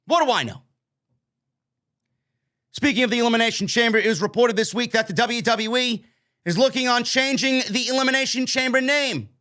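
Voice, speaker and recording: A man's voice: very high-pitched, fairly quick, long pauses, bright, forceful tone. A man hosting a wrestling news podcast, ranting emphatically and swearing freely. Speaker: podcast host. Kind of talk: wrestling news commentary rant.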